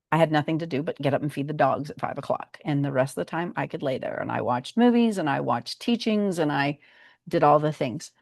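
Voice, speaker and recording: A woman's voice: deep voice, no room sound, studio quality. An older woman giving a casual personal update as a vlog host, chatty and meandering, with frequent ums.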